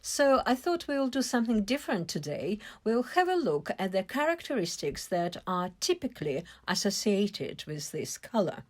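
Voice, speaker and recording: A woman giving an English vocabulary lesson, explaining words slowly and carefully and stressing syllables. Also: medium pitch, very animated. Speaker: English teacher.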